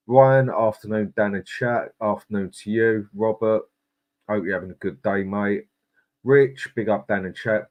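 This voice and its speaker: A man hosts a live fan stream in a low, husky voice. He rants with heat and swears freely. In between he greets viewers in the chat one by one. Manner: angry ranting, swearing, greets chat by name. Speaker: host. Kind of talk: live-stream football rant.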